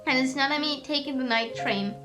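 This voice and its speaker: A woman's voice: sits high, brisk. A young woman streaming, chatting casually with her viewers, rambling and swearing freely with lots of fillers. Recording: music playing under the voice. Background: music in the background.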